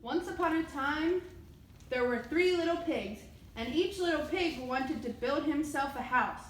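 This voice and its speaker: A woman on the library staff reading a fairy tale aloud in a lively, expressive storybook manner. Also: high-pitched, unhurried, roomy sound, slight background noise, poor audio.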